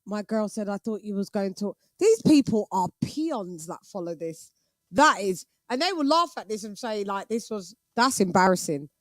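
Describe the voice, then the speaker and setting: A woman's voice: medium pitch, expressive, moderate pace, no echo. A woman hosting a boxing live stream, blunt and exasperated, swearing freely. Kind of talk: casual live-stream chat.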